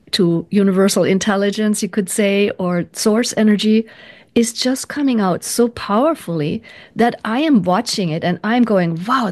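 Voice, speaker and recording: A woman's voice: medium pitch, a little mellow. A woman guest in an interview, talking earnestly and reflectively, often restarting her sentences. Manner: earnest, searching, many restarts.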